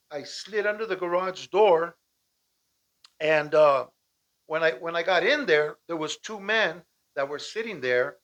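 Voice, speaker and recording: A man from Southern California telling a personal story in a casual, animated way, often asking "right?" and acting out shouted lines. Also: on the high side, lo-fi sound. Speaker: storyteller recounting a personal escape. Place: at home with dogs nearby.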